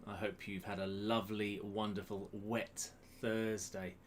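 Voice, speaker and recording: A man's voice: fairly low pitch, little pitch movement, unhurried. Man, quiz host, casual live-stream chat, webcam close up, faint hiss behind. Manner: chatty, self-mocking, greets viewers by name. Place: home room, indoors. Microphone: webcam close to the face.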